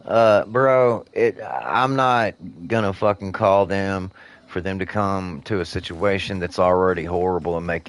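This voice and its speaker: A man giving heated, profane, rambling commentary while he plays a video game. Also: lowish voice. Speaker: gaming streamer.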